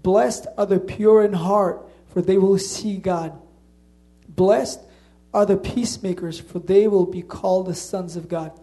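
Preacher, male, light Slavic accent, high and warm-toned, earnest conversational sermon delivery. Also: fairly even intonation, measured pace.

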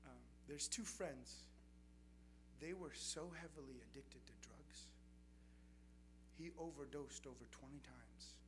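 A young adult man preaches a sermon, earnestly telling testimonies as stories in a medium-pitched voice and taking his time. The recording is noisy, with steady background noise.

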